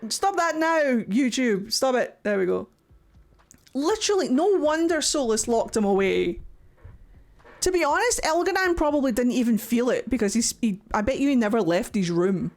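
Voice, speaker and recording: A young woman giving casual reaction commentary, mocking and excitable, who swings between shrieks and low grumbles and swears a lot. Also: normal speed. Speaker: streamer reacting to a game.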